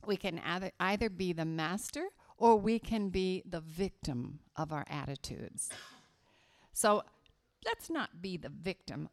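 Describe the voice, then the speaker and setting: Slow, emphatic woman with vocal fry. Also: fairly low pitch. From West Virginia. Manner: slow, emphatic storytelling to children. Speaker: children's story speaker at church. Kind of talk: children's sermon.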